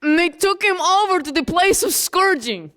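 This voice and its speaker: A woman's voice: extremely high pitch, lively intonation, normal speed, a bit bright. A woman playing the young apostle John, a grieving and indignant man, in a dramatic first-person monologue, talking straight to the listener.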